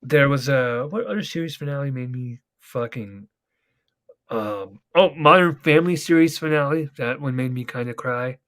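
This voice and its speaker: A man's voice: mid-range voice, normal speed, fairly bright tone. A young man hosting a casual podcast, rambling and swearing as he retells TV scenes at length. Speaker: podcast host. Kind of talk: casual chat.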